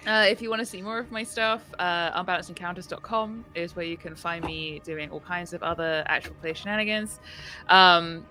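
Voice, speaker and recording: A woman's voice: on the low side, normal speed, over music. A woman player introducing herself and her game projects in chatty, upbeat talk. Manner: chatty, upbeat, many fillers. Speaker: tabletop game player and designer. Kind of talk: casual chat, self-introduction.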